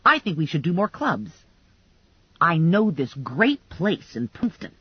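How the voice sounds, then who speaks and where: Reader voices easygoing male drag queen, slow relaxed drawl, dry close sound. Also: on the high side, husky, no echo, muffled recording, exaggerated voice. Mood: laid-back. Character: laid-back young man, drag performer, easygoing.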